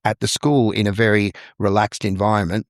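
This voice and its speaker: A man's voice: on the low side, level tone, brisk, dry recording, clean studio sound. A middle-aged Australian man, a musical theatre performer and vocal coach, chatting thoughtfully as an interview guest. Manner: thoughtful storyteller who acts out little dialogues. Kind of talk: casual interview conversation.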